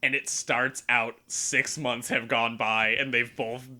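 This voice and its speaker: A young man hosting a podcast, casually retelling a story in an animated way, acting out the characters and swearing freely. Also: mid-range voice, slow pace. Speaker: podcast host.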